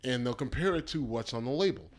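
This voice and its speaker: A man's voice: mid-range voice, lively intonation, fast talker. A man co-hosting a casual podcast, talking bluntly and throwing in crude jokes. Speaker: podcast co-host. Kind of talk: casual chat.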